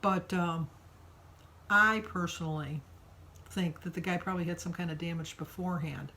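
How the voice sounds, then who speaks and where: A woman's voice: fairly low pitch, fairly even intonation, normal speed, bright, forceful tone, poor audio. An older woman from Michigan chatting casually in her daily vlog, telling a long story with lots of fillers. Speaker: vlogger.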